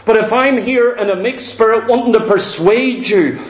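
A man's voice: high voice, normal speed, roomy sound. A man preaching a sermon, speaking earnestly and with emphasis to his congregation.

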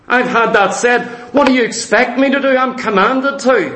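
Man, preacher, emphatic sermon, high-pitched voice, reverberant church hall. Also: moderate pace, few pauses, pushed and bright, a little hiss or hum. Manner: earnest, emphatic, addresses congregation as saints.

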